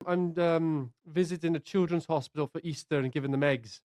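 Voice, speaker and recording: A man's voice: on the high side, fairly even intonation, brisk, a little mellow, dry recording, clean studio sound. A man with a Welsh accent co-hosting a podcast, joking around playfully over a video call. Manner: playful, clowning. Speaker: podcast co-host. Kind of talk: casual joking chat. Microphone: remote video call.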